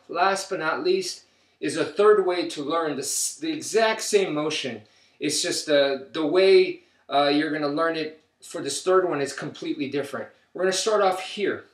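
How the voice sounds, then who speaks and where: A man leads a stick-fighting drill and counts each strike aloud as he moves. His voice sits a little high and comes from well back of the camera. The room around him is roomy and echoing. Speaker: martial arts instructor. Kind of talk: instructional demonstration. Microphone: camera mic from a distance. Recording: roomy, distant camera audio.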